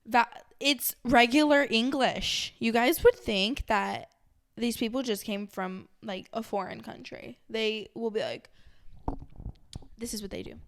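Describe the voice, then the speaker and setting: Young woman vlogging, kinda high voice, rambly, says like a lot. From Los Angeles area. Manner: chatty, rambling, many fillers like "like". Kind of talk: casual chat to camera.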